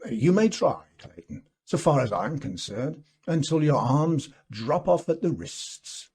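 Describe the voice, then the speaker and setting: A man reading the part of a sceptical gentleman who scoffs at the danger. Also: fairly high pitch, very animated, measured pace, slightly rough, pitched above the performer's own voice, heavily acted. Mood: scoffing.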